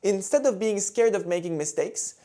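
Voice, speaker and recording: A man teaching violin intonation in a calm, clear, demonstrative way. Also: high-pitched, normal speed. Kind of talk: instructional video talk.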